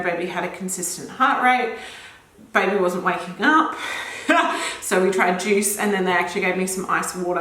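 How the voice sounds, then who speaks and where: A woman's voice: mid-range voice, a bit bright. Young female vlogger, breathless, rambling, filler-heavy, roomy echo. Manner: chatty, rambling with many "like" fillers. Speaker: pregnancy vlogger. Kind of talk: casual vlog update.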